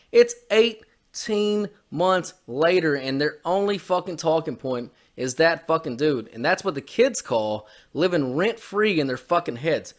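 Man, fairly high voice, angry political rant, swears constantly, podcast co-host. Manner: heated, profane, repetitive swearing.

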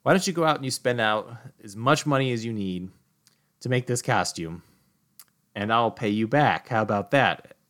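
A man playing a smooth, dismissive male film director who speaks in an offhand, placating way. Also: mid-range voice, expressive, moderate pace, fairly bright tone, natural voice.

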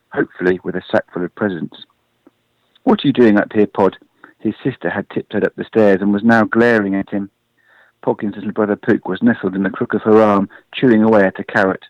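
A man reads a storybook aloud in a lively, expressive way. His voice sits low and dry, with a dull lo-fi radio sound. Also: no echo. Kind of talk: storybook reading.

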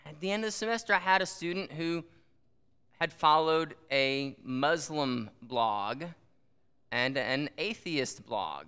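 A man's voice: fairly high pitch, expressive, slow pace, bright, forceful tone, clean tone, big-room sound. A man preaching a conversational sermon, with frequent asides and rhetorical questions. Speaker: pastor.

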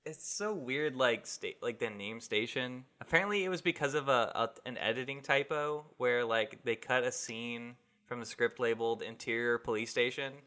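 A man co-hosting a podcast, chatty and relaxed, steering the conversation. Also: medium pitch, normal speed, hardly any pauses. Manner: chatty, relaxed, asks the questions. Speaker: podcast co-host. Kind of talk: casual chat.

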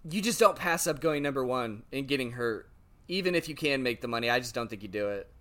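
A man co-hosting a sports podcast, telling stories in an animated, rambling, casual way. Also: medium pitch, fast talker. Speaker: podcast co-host.

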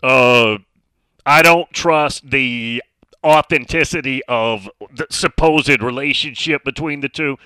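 A man's voice: mid-range voice, slow pace, bright, forceful tone, clean tone, no room sound. A middle-aged man hosting a sports talk radio show, speaking emphatically and reading out listener messages.

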